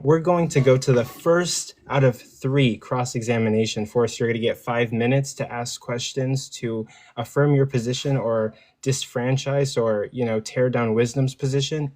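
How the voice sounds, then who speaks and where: A man hosting an online debate, gushing with excitement and swearing freely. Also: medium pitch. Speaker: debate host.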